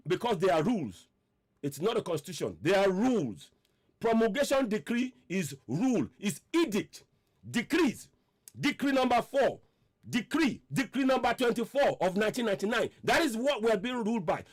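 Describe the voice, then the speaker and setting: A man hosting a radio commentary, his voice pitched high and swinging widely as he presses his point. He piles up repeated rhetorical questions with mounting force. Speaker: online radio host. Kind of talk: impassioned political commentary.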